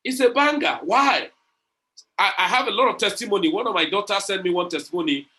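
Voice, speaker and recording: A man's voice: high voice, expressive, fairly quick, bright, forceful tone. A man leading an online crypto community session, talking in a preachy, motivational way, repeating phrases and retelling conversations.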